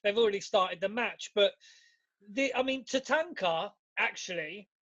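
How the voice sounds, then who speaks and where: High-voiced man laughing as he chats. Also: normal speed, highs cut off. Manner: laughs often, animated retelling, swears freely. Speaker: podcast co-host. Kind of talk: casual chat.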